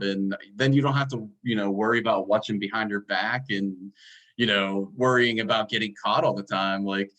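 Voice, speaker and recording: A man hosting a casual podcast chat, laid-back, giving short agreeing replies and laughing along with his guest. His voice sits somewhat low. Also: normal speed, a bit bright, low-quality recording. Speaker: podcast host.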